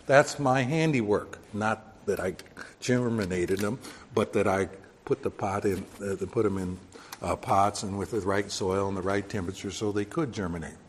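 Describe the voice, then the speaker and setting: A man's voice: fairly low pitch, normal speed, big-room sound, a little hiss or hum. A man preaching a Bible lesson in a conversational way, explaining with everyday examples and correcting himself as he goes. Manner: conversational, explains with homely examples, many fillers and self-corrections. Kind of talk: Bible teaching sermon.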